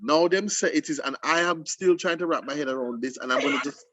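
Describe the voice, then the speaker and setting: A man hosting a casual poetry discussion for students, explaining emphatically with lively restarts. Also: fairly high pitch, quick pace, dry recording. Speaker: host.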